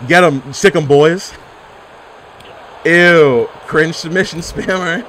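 A young man giving sarcastic, animated trash-talk commentary over his own online wrestling game. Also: a little high, slow, slight background noise. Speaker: gaming YouTuber. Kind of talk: live gameplay commentary.

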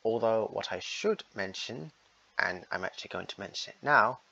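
A man's voice: on the low side, animated, moderate pace, vocal fry, bright, forceful tone, slightly rough, lo-fi sound. A man casually announcing the casting for a fan redub, rambling and repeating himself.

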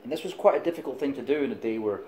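A man's voice: medium pitch, expressive, very fast, dark tone, slight background noise. A middle-aged man with a Scottish accent, vlogging in a rambling, digressive monologue, chatty and laughing often. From Scotland.

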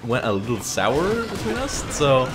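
A man's voice: mid-range voice, very animated, measured pace, music in the background. A man playing a co-op game as a guest, laid-back, sarcastic and laughing often. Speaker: guest co-player. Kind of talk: casual co-op gameplay banter.

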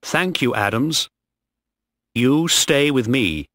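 A man's voice: mid-range voice, expressive, slow pace, fairly bright tone, dry recording, clean studio sound. A man voicing a desperate young male ship officer in a storybook reading. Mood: cold.

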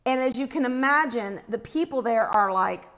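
Animated woman telling a faith story. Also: fairly high pitch, moderate pace. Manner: animated, acts out the screams she describes. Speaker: speaker telling a personal story.

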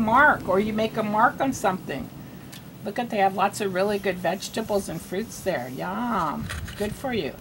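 A woman reading teacher gives a slow phonics lesson to young children, patiently sounding out letters and repeating each word. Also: fairly high pitch, a bit bright, a little hiss or hum.

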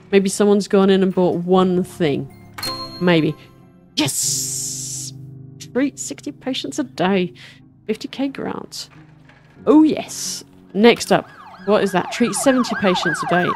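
A woman's voice: medium pitch, a little mellow. A woman giving casual let's-play commentary, chatting to herself and to the game's characters and laughing now and then. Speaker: gaming channel host.

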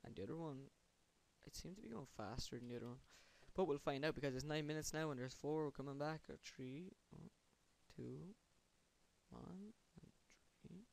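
A man's voice: on the high side, normal speed, creaky, slight background noise. Sarcastic man rambling over gameplay. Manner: rambling, sarcastic, chants repetitive words under breath. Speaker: gamer. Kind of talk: casual gameplay commentary.

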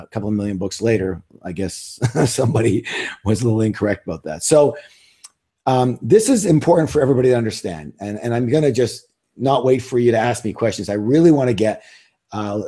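This middle-aged man, an author who leads seminars, speaks as an interview guest in a lowish, mellow voice. He tells stories casually and confidently, with emphatic repetition.

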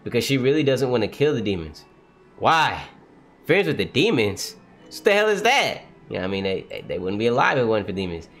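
A man reading a manga aloud on a livestream and reacting, animated, often exclaiming and laughing. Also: medium pitch, fairly quick, soft background music.

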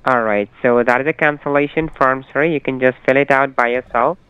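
A man's voice: mid-range voice, steady tone, fairly quick, slight background noise. A man on a scam call, giving insistent, repetitive instructions. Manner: insistent, repetitive, formulaic phrasing. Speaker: scam caller. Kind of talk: phone call. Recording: muffled dry phone line.

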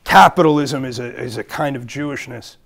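A man's voice: medium pitch, brisk, vocal fry, fairly bright tone. A man with a Brooklyn accent giving a public lecture as a guest speaker, earnest and thinking aloud with fillers and restarts.

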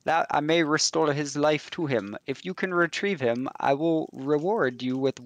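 A man's voice: fairly high pitch, moderate pace, no echo, lightly acted. A man doing a stumbling French-accented priest. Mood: pleading. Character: solemn middle-aged male lord priest. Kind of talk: reading game dialogue aloud.

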